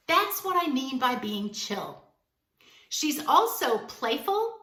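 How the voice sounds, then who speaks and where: A woman's voice: sits high, big pitch swings, slow, bright, forceful tone, roomy sound, recorded from a distance. Woman host, dating advice talk, emphatic and direct, recorded a little off-mic. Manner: blunt, emphatic, acts out quoted dialogue.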